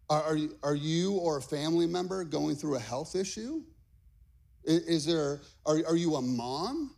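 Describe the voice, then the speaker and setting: A middle-aged man pastor preaching a lively sermon to a congregation, energetic and repeating "okay?" and "all right" often. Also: fairly high pitch, vocal fry. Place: church stage before a congregation.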